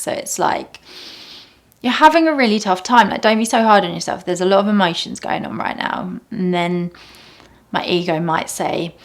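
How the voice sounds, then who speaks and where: A young woman talking casually and reflectively about meditation, often dropping to soft near-whispers. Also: medium pitch. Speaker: meditation teacher.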